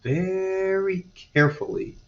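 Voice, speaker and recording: A man's voice: sits high, slow pace, pitched above the performer's own voice. A man voicing a kind, wise woman teacher in a storybook read-aloud, giving patient advice. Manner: calm, patient advising. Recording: dull distant recording.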